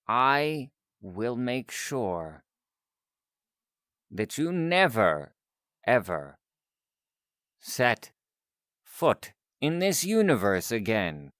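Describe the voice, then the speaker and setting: A man putting on a low, hushed voice for a courteous scientist doctor, who stays polite and measured even while firmly warning someone off. His delivery is lively and full of rise and fall. The sound is dry and close, with no room echo. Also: exaggerated voice. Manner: polite but firmly threatening. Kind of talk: live-stream character voice acting.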